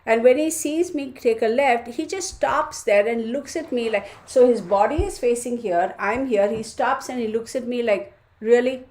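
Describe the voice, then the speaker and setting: A woman's voice: on the high side, normal speed, hardly any pauses, a little mellow. A woman hosting a casual livestream, chatting, reading viewer comments aloud and laughing often. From United States. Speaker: tarot channel host.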